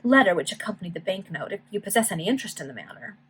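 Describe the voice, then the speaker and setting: A woman reading the part of a vain, evasive Victorian society lady with airy, affected politeness and a slightly husky voice. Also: on the low side, big pitch swings, racing, rough recording.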